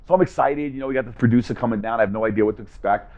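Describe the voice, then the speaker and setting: A man in mid-range pitch tells a story with animated energy, switching voices to act out each side of a conversation. The sound is dull and slightly lo-fi. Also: racing. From Las Vegas, USA. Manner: animated, acts out both sides of conversations. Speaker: guest speaker. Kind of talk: storytelling talk to a live audience.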